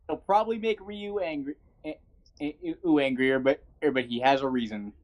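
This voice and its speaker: A player in a tabletop role-play, animated and chuckling. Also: mid-range voice, normal speed, slight background noise.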